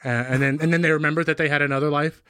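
Guy riffing fast w crude deadpan jokes, dry close mic. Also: a little high, clear, resonant tone, no room sound. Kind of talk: casual banter.

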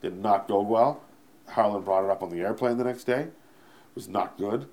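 A man from Canada with a somewhat low voice, telling a long story from his comedy career in a relaxed interview. He rambles and swears freely, and keeps circling back to correct his own dates and details. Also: moderate pace. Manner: rambling, profane, often corrects himself mid-sentence. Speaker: stand-up comedian.

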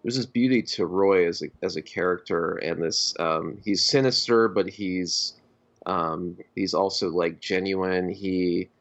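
A man co-hosting a podcast, talking about films in a halting, hesitant way. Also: low-pitched, steady tone, a bit bright. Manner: halting, full of fillers and restarts. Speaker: podcast co-host. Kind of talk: casual film discussion. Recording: dull lo-fi podcast audio.

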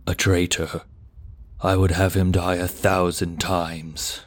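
Grim vengeful knight, read by a man, deep, slow, low-key; storybook fantasy. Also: little pitch movement, dry recording. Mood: solemn. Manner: slow, heavy, solemn delivery. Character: grim vengeful male knight, stern and bitter.

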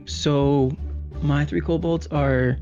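A player describing characters in casual chat, halting and deadpan. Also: medium pitch, soft background music. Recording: dull lo-fi sound.

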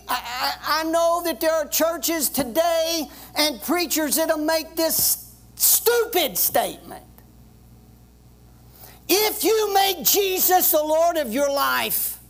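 A pastor preaching a sermon with emphasis, reading scripture and having the congregation repeat phrases after him. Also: male voice, extremely high pitch. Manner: reads scripture aloud and explains it.

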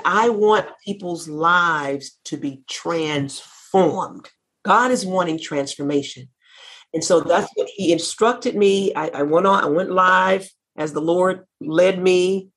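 A woman's voice: on the low side, measured pace. A woman minister talking with fervor on a Christian talk show, often repeating phrases like a preacher. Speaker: minister and network founder.

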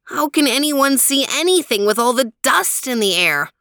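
A woman doing a shrill excitable dog. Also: normal speed, clean tone, no echo, clean studio sound, heavily acted. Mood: complaining. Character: jittery young male dog.

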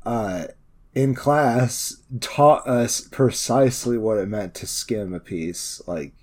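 A man's voice: medium pitch, slow pace, darkish tone. A man co-hosting a casual podcast, telling loose, rambling stories with many fillers. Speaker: podcast co-host. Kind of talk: casual chat.

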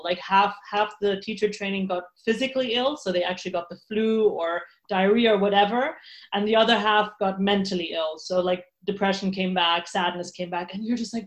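A woman's voice: mid-range voice, fairly even intonation, moderate pace. A woman guest in an interview, talking candidly with frequent laughs and restarts. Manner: candid, laughs often, many fillers and restarts. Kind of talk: casual interview talk.

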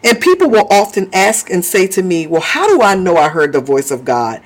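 A man's voice: high-pitched, big pitch swings, fairly quick. A man preaching a sermon in a fervent way, often stopping to praise, speak in tongues and laugh.

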